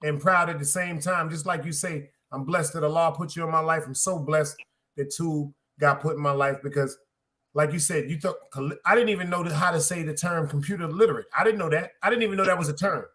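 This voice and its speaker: High, bright-voiced man in loud casual chat. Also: steady tone, fairly quick. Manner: loud, profane street talk. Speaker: podcast host.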